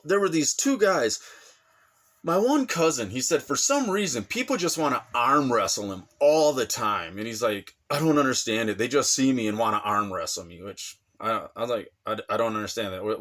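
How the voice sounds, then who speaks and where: A man recounting a night out in a relaxed vlog style. His voice sits at an ordinary pitch but leaps up when he acts out what others said. The delivery is loose and conversational. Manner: animated, acts out quoted voices with big pitch jumps. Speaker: vlogger telling his own story. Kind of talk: casual storytelling.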